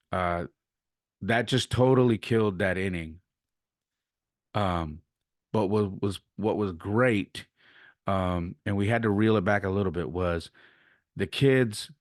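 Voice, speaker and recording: A man's voice: deep voice, no echo, studio quality. A man hosting a podcast, casually telling a story about coaching youth baseball and acting out the exchanges he retells. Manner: animated retelling, acts out quoted exchanges.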